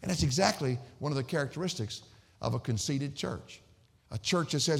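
A man preaching a sermon as pastor, swinging between loud emphatic declamation and low, conversational asides. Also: animated, a little fast, gravelly, breathy edge, in a large hall.

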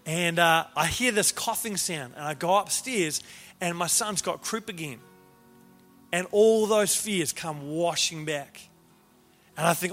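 A man with a high, bright and ringing voice preaches in a story-telling way, lively and quick to restart his phrases. His voice echoes through a large hall with long reverb, and soft music plays under him. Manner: animated, repeats words at the start of phrases. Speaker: pastor. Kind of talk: sermon storytelling.

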